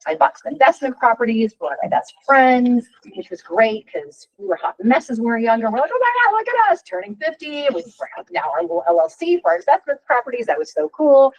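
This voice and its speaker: A woman's voice: a little high, fairly quick, hardly any pauses, highs cut off. A woman in her fifties coaching a workshop, talking frankly and chattily and often tossing in a rhetorical "right?". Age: 50s. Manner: frank and animated. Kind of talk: workshop talk.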